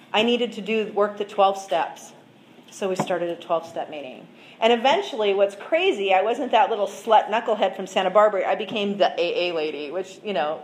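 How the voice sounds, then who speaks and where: A woman giving a candid, earnest personal testimony as a recovery speaker, talking plainly with fillers. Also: fairly low pitch. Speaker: recovery speaker sharing her story. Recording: echoey room with faint noise.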